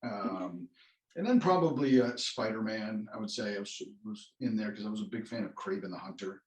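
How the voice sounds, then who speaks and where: A man's voice: fairly low pitch, a little fast. Rambling man telling stories in a roomy echo. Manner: rambling, self-interrupting storyteller with many restarts. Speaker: actor guest. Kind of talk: casual interview chat.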